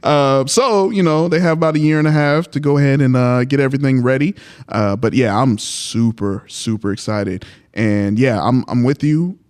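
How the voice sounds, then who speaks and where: A man's voice: medium pitch, normal speed, darkish tone, clean tone. A man co-hosting a podcast in casual chat, laid-back and slangy, laughing easily as he talks. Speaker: podcast co-host.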